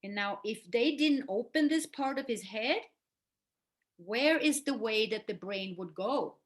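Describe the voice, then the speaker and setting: Woman, middle-aged, earnest, explaining, slightly high-pitched. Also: animated, a little slow. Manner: earnest, explaining with questions and "right?". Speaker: mother and host. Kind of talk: casual talk to camera.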